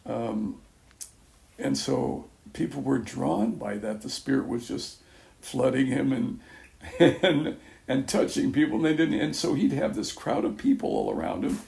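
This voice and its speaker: An older man giving a casual spoken testimony to a small church group, rambling and halting with many restarts and soft chuckles. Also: medium pitch, sing-song, vocal fry. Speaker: speaker at a church gathering.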